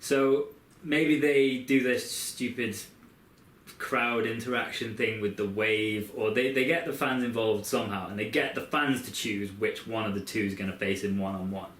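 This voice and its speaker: A podcast co-host with a lowish, fairly bright voice talks at a normal pace, rambling through a long scenario in casual chat with a play-by-play storytelling style. The room sounds echoey.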